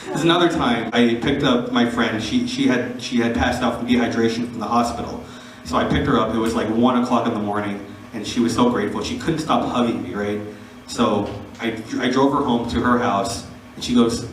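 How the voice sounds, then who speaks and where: A young man telling a funny personal story, animated and laughing as he acts out the people in it. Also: medium pitch, fairly quick. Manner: animated, giggly, voices the people in his story. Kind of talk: casual storytelling to camera. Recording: echoey, distant, noisy phone recording.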